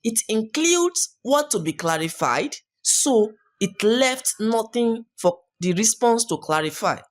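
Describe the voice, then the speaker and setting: Woman teacher for a scripted exam lesson; slow, deliberate delivery with a sing-song rise and fall. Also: a little high. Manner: clear, deliberate step-by-step explaining. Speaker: English teacher.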